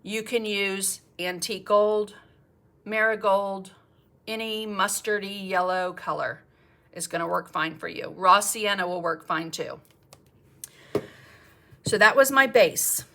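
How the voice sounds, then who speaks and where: A woman's voice: medium pitch, slow, pauses often, sharp tone, a little hiss or hum. A middle-aged woman, teaching a live painting demonstration in a chatty, encouraging way and thinking aloud as she paints. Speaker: art teacher.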